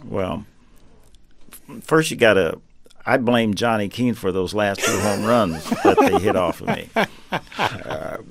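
A man in his seventies, a retired pitcher, relaxed and dryly humorous as he tells stories in an interview. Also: measured pace, pauses often, a little hiss or hum. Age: 70s. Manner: relaxed, dry humor, many fillers and restarts. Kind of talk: interview storytelling.

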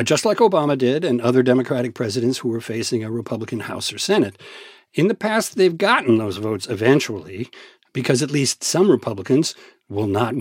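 A man, a senior political correspondent, answering questions in a radio news interview in a measured, explanatory way with dry asides. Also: medium pitch, slightly rough, no echo.

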